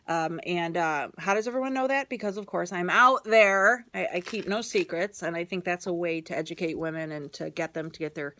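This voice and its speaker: A woman's voice: fairly low pitch, fairly quick, hardly any pauses, fairly bright tone. A middle-aged woman co-hosting a casual studio radio chat, telling stories with lots of laughter. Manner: chatty, laughing storyteller. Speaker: show co-host. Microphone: studio microphone.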